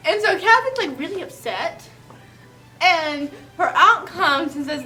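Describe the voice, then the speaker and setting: A woman's voice: extremely high pitch, expressive, unhurried, pushed and bright, faint music behind. A woman casually retelling a play's plot in a chatty, giggly way. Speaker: comedic storyteller.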